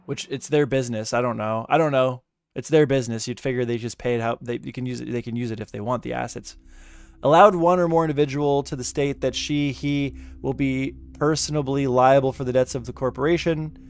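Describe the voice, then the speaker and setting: A man's voice: medium pitch, steady tone, a little fast, smooth, no room sound. A man giving casual reaction commentary, reading out legal text with exasperation, stumbling and swearing. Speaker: commentary YouTuber. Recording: music playing behind the voice.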